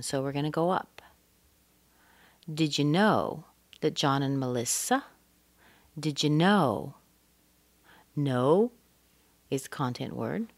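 A woman teaching English pronunciation, modelling stress and intonation slowly and deliberately. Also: sits low, no echo.

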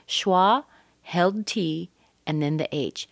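A middle-aged woman teaching English pronunciation, modeling rhythm with sung-out syllables and slowly stretched words. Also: deep voice, vocal fry, no room sound, studio quality. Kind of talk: accent lesson.

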